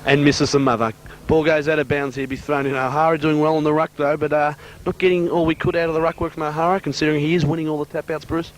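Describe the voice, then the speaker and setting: A man giving brisk play-by-play commentary on an amateur football match. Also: on the high side, little pitch movement.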